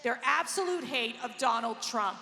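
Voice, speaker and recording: A woman's voice: a little high, animated, normal speed, pushed and bright, slight background noise. A woman moderating a convention panel, pointed and rhetorical. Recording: hall reverb.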